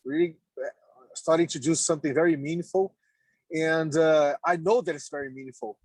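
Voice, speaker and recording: Guy calling in from the car, kinda high voice, stumbles and repeats words, laughs a lot, dry sound. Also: steady tone, fairly quick, darkish tone, no room sound. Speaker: meeting participant. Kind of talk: casual video call chat. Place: in a car on the road. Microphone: video call.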